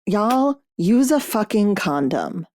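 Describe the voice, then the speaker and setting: Woman, podcast host, casual book club chat, blunt, profane, lively pitch. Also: takes it slowly.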